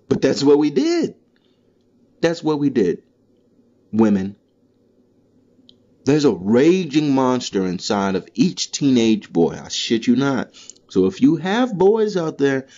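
A man hosting a solo comedy podcast, delivering a profane, animated monologue. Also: medium pitch, takes it slowly, pauses often, highs cut off. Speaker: podcast host. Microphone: solo podcast mic.

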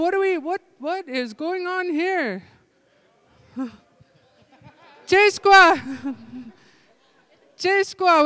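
A man leading a language-camp group game indoors, calling out playful, energetic instructions. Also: extremely high pitch, no room sound. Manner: energetic, playful, giving loud calls and instructions. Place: indoor room with tables.

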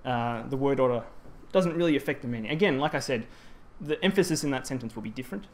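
A man's voice: mid-range voice, lively intonation, quick pace, darkish tone. Man giving a language talk. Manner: explanatory, frequent ums and restarts. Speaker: Japanese language presenter. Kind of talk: conference presentation. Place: presentation hall.

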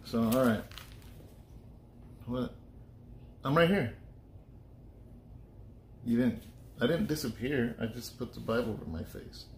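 A male pastor talks through scripture in a loose, conversational way, joking and circling back to his point. His mid-pitched voice rings around an echoey room. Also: slow, pauses often, slight background noise. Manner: chatty and joking, thinks aloud with restarts. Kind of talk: casual Bible study talk.

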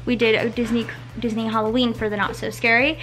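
Chatty high-voiced young woman vlogging. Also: level tone, a little fast, fairly bright tone. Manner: chatty, rambling, self-correcting. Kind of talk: casual vlog chat. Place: home.

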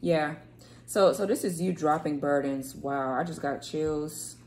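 Low-voiced woman doing a loose tarot reading. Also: a little slow, a little mellow, a little hiss or hum. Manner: rambling, repeats words, swears casually. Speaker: tarot reader. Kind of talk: casual tarot reading to camera. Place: home room, kids heard playing outside.

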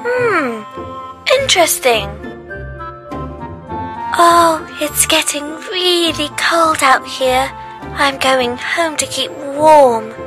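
A chirpy, very high preschool cartoon girl. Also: lively intonation, over music, exaggerated voice. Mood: cheerful. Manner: sing-song, slow, addressing a child viewer. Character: cheerful toy character Emma, chatty female. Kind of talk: preschool TV character speech.

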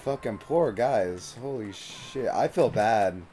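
Mellow-voiced casual male game streamer. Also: on the low side, lively intonation, slow pace, a little hiss or hum. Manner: loose and chatty, swears freely, leans on "like". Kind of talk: casual live gameplay commentary.

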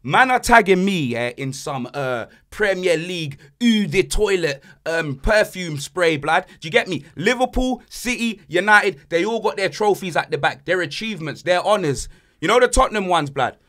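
Brief: young lad, high bright voice, comic ranting podcast host. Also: male voice, moderate pace. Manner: animated, joking rants. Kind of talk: casual banter podcast.

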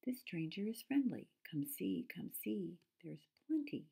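A woman's voice: lowish voice, sing-song, unhurried, creaky, mellow, breathy edge, exaggerated voice. A woman voicing a small, eager storybook chickadee that talks in sing-song rhymes.

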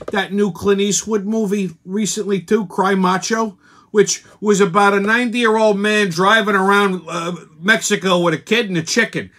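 A man's voice: high-pitched, bright, forceful tone. A man hosting his show, ranting bluntly and crudely about a movie with constant swearing. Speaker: show host. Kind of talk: profane movie rant.

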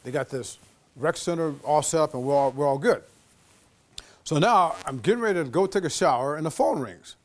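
A man giving a lecture as an animated storyteller, acting out the voices of the people in his anecdote. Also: on the high side, a little fast. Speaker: guest lecturer.

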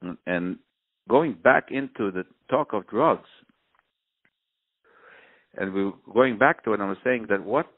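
A middle-aged man, grieving, telling a personal story in an interview, halting and searching for words, his voice close to breaking. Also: fairly low pitch. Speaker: bereaved father, interview guest. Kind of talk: emotional personal testimony. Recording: narrow phone-like line.

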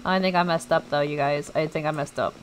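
A woman's voice: low voice, fairly even intonation, a little fast, a little hiss or hum, rough recording. A young woman streaming a game, chatting to her viewers and reacting jumpily as she plays. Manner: chatty, jumpy, talks to viewers while playing. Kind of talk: let's play commentary.

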